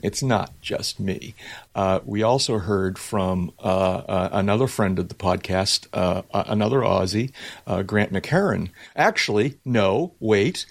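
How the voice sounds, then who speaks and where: A man's voice: fairly low pitch, a little slow, vocal fry. A man hosting a podcast in casual chat, teasing his co-hosts and full of fillers. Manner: teasing, chatty, many fillers. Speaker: podcast host.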